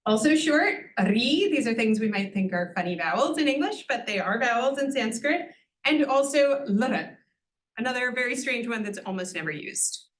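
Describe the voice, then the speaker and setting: A woman's voice: on the high side, lively intonation, a little fast, hardly any pauses, a bit bright, echoey room, slight background noise. A woman giving an introductory Sanskrit lesson to an audience at a university event, patiently explaining and often asking "right?" with a light humorous touch. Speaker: Sanskrit teacher.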